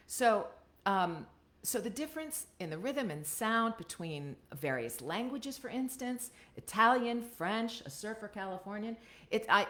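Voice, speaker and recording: Her voice is fairly low in pitch with a fairly bright tone. She's an American woman streaming live through a webcam, giving an informal voiceover coaching session in which she chats along and regularly checks in with "right?"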